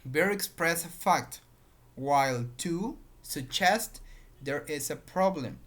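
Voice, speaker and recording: Slow teacher. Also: mid-range voice, expressive, a bit bright. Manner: repeats patterns, explains with examples. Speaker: English teacher. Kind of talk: grammar lesson.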